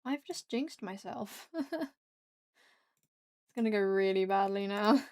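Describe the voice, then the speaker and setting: A woman's voice: medium pitch, slow pace, a little mellow, dry recording, clean studio sound. A young British woman with a British English accent, chatting casually with her viewers while she draws, laughing often and exclaiming at the chat. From Britain. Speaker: streamer.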